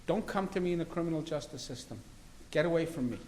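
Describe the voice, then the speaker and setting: A man with a slightly high voice and a faint hiss behind him makes his case in an interview. He is a criminal defence lawyer, and he talks in an assertive, argumentative, emphatic way. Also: fast talker, dark tone, poor audio. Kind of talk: interview conversation.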